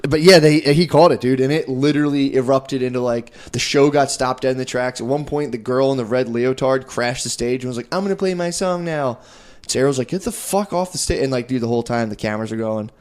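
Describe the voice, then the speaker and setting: A man's voice: medium pitch, fast talker, few pauses. A man co-hosting a comedy podcast, rambling through a story and acting out what people said. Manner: rambling, animated, says "dude" constantly, acts out quotes. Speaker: podcast co-host. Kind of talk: casual storytelling chat.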